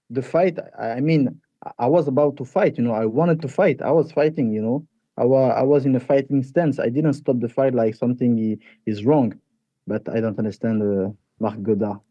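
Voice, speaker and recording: Fighter man, mellow voice, halting. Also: medium pitch, dry recording, muffled recording. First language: French. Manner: halting, repeats words, animated when retelling. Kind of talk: interview answers.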